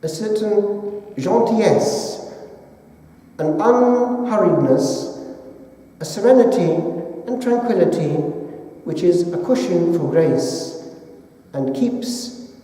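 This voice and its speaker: A man from England, a priest delivering a sermon in a measured, deliberate way with long pauses. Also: high-pitched, lively intonation, warm tone. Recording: echoey church hall from far off.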